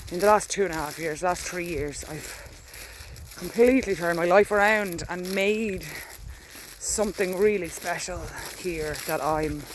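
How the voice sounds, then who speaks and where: A woman's voice: fairly low pitch, measured pace, a little hiss or hum. Irish woman, candid rambling vlogger on a field walk, faint rural air behind. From Ireland. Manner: chatty, candid, walks while talking. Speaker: dog walker vlogging. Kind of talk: casual rambling diary vlog.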